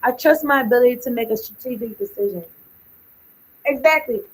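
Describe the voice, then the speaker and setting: Woman, tarot reader, husky tone, rambling off-the-cuff delivery with blunt slang. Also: a little high, fairly quick, long pauses, low-quality recording. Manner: rambling, thinking aloud, trailing off; blunt and informal, with slang and swearing. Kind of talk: casual spoken tarot reading.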